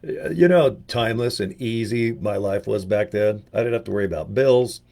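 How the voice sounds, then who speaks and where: A man's voice: on the low side, fairly quick, vocal fry, darkish tone. An older man from the US giving a rambling, joking casual monologue as a video presenter, full of slang and asides. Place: home in Utah.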